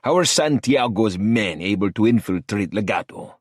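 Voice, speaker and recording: A man's voice: on the low side, animated, normal speed, husky, no room sound, clean studio sound, voice pushed up. A man voicing a cold, older male cartel boss with a thick Mexican accent and a growling, matter-of-fact delivery. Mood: menacing.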